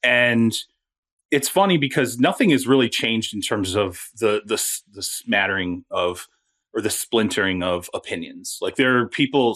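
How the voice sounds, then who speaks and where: A man reporting on sports in a casual talk show, telling stories in an animated way. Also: on the low side, normal speed. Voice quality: animated, storytelling.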